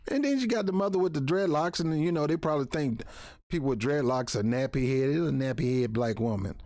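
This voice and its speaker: A man's voice: a little high, brisk, a little mellow, dry recording, studio quality. A middle-aged man with a New York accent giving blunt, rambling commentary on a vlog, often repeating himself. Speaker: YouTube commentator.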